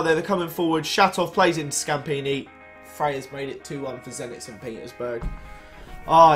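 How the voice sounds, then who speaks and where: A young man's bright, forceful voice, pitched on the high side, carries his casual commentary on a football management game. The gaming YouTuber is chatty and reacts to what happens in each match, but he's clearly a bit tired and keeps yawning.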